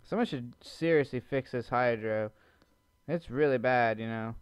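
A man's voice: mid-range voice, unhurried, smooth, dry recording. A man giving nervous let's-play commentary to his viewers while he plays a horror maze game, joking about being scared. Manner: jumpy, talks to viewers, nervous jokes. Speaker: gamer playing a horror maze. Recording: dull lo-fi mic.

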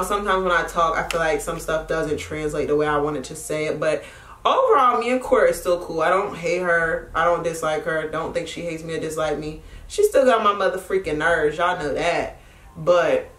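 A woman's voice: on the low side, fairly bright tone, distant mic. A young woman vlogger chatting casually and frankly while getting ready, with lots of swearing and fillers. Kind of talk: casual get-ready-with-me chat. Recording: echoey room sound.

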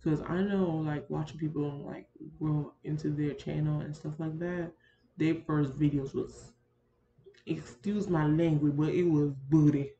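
A young woman chats her way through a casual gaming vlog, grumbling about her computer and talking straight to her viewers. Her voice sits mellow and warm. It comes through a dull built-in laptop mic in a roomy space with faint fan hum behind. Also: low-pitched, fairly even intonation, unhurried. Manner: chatty, complaining, keeps addressing viewers as y'all. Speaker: Sims content creator. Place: indoors at a computer.

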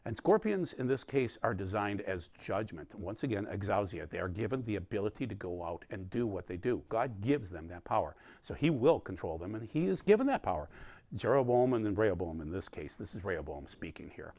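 A man's voice: lowish voice, sing-song, brisk, darkish tone, no room sound. A man teaching a recorded Bible study, explaining with emphatic energy.

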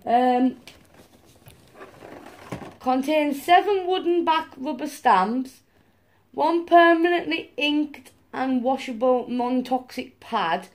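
A young woman vlogger with a high voice speaks slowly and pauses often. She unboxes gifts in a casual vlog, gushing excitedly and talking straight to her viewers.

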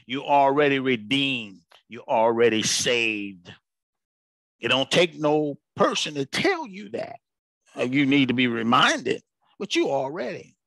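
A man's voice: medium pitch, vocal fry, fairly bright tone, no echo. A man preaching an informal sermon broadcast, colloquial and emphatic, repeating his phrases for weight.

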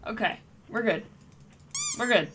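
A woman's voice: on the high side, a little slow, noisy background. An Irish woman streaming a horror game in casual commentary, jumpy and swearing when startled. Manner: jumpy, swears and yelps at scares.

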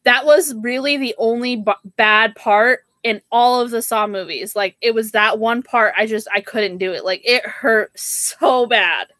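Slow, chatty young woman, bright voice. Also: on the high side, no room sound, clean studio sound. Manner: chatty, says "like" and "girl" a lot. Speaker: live sale host. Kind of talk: casual livestream chat.

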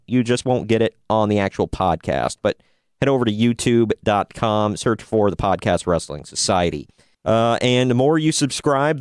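A man's voice: medium pitch, clear, resonant tone, no room sound, studio quality. A man hosting a podcast in a casual, upbeat way, now and then stretching out a playful "bro". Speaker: podcast host.

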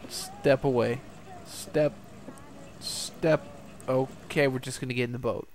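A man's voice: medium pitch, steady tone, moderate pace, a little hiss or hum. A young man giving casual, profane let's-play commentary over a game, rambling and laughing at himself. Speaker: gameplay commentator.

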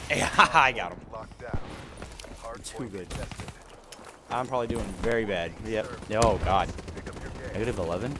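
A young man giving live gameplay commentary, animated and trash-talking, with sudden shouts at opponents. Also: lowish voice, measured pace, pauses often. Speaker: gaming commentator. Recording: game gunfire noise behind the voice. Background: in-game gunfire and explosions.

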